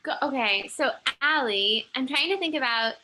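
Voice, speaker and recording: A woman's voice: high voice, expressive, moderate pace, noisy background. A woman co-hosting a casual school podcast, thinking aloud and giggling at her own ideas. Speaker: podcast co-host. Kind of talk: casual group chat.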